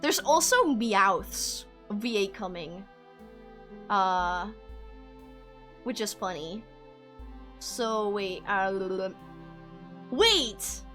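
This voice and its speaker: A woman's voice: mid-range voice, lively intonation, very slow, long pauses, a bit bright, soft background music. A woman streamer chatting casually to her viewers, giggly and self-deprecating. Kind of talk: casual live-stream chat.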